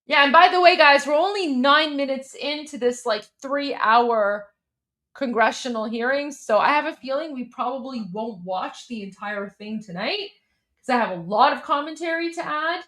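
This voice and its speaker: A woman's voice: high voice, normal speed, fairly bright tone. A young adult woman from Iran, hosting a live stream and reacting to a hearing with heated, scornful commentary, often repeating herself for emphasis.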